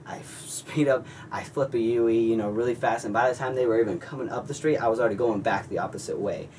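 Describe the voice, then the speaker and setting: A young man telling a story in a casual, rambling, excitable way, full of "like" and restarts. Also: medium pitch, quick pace. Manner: rambling, excitable, heavy use of "like". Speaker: vlogger. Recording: distant mic with faint ambient noise.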